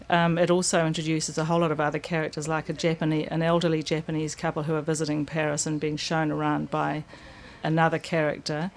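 A woman's voice: low-pitched, a little hiss or hum. A woman, a bookshop owner talking enthusiastically about the books she sells. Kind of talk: recorded interview clip.

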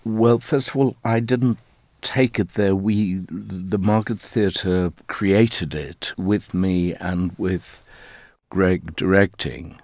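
Man, from South Africa, middle-aged, low voice, slow, deliberate, thoughtful interview answers. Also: steady tone, a little mellow, dry recording. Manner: measured, thoughtful, deliberate phrasing. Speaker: interviewee, stage actor.

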